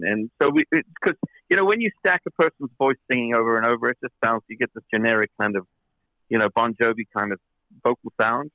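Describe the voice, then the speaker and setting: A man's voice: medium pitch, fast, no room sound, muffled recording. A man, a record producer as an interview guest, telling long anecdotes with many fillers and restarts. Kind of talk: interview storytelling.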